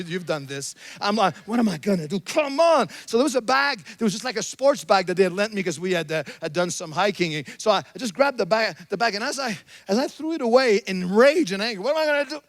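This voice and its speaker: A middle-aged man preaching from a church pulpit with a high, ringing voice. He jumps from quiet, chatty storytelling to loud, emphatic exhortation. The sound is close and dry, with almost no room echo. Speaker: pastor. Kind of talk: sermon. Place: church sanctuary.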